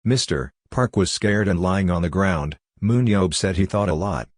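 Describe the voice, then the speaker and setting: A man narrating a comic story recap in a steady, even scripted read. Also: sits low, moderate pace, no echo, studio quality.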